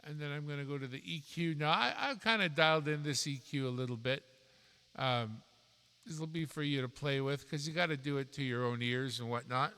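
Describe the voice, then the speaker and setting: A man casually walking through his streaming gear, relaxed and rambling, correcting himself as he goes, into a dynamic microphone. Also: fairly high pitch, brisk, smooth, in a large hall. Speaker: YouTube creator reviewing streaming gear.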